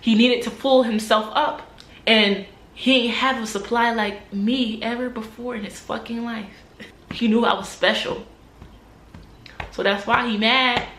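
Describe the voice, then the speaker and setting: Young woman, vlogger, blunt and profane, confrontational rant, fairly high voice, roomy echo, camera mic. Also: fairly even intonation, measured pace, fairly bright tone, slight background noise.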